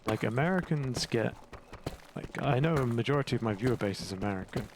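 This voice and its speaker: A man's voice: medium pitch, animated, brisk, noisy background. A young English man with an English accent chatting in a rambling, self-mocking way while commentating his gameplay. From England. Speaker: gaming YouTuber. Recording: game music playing behind.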